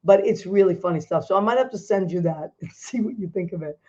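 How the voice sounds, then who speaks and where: A middle-aged woman hosting a casual chat show, animated and quick to laugh. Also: on the low side, highs cut off. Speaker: host.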